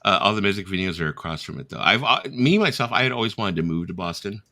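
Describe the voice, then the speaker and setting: A middle-aged man hosting a casual live chat, telling animated stories, reading viewer comments aloud and laughing at his own jokes. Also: sits low, fast talker, no echo, studio quality. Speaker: host of a live chat stream.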